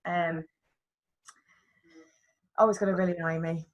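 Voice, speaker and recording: A woman's voice: lowish voice, fairly even intonation, a little slow, highs cut off. A woman in her thirties co-hosting a podcast, chatting casually, laughing often and trailing off with fillers. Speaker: podcast co-host. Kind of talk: casual chat.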